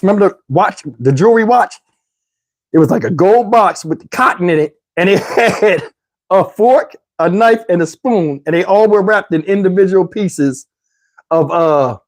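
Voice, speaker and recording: A middle-aged man vlogger telling a story to camera in a casual, animated way, with slang, swearing and laughter. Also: fairly high pitch.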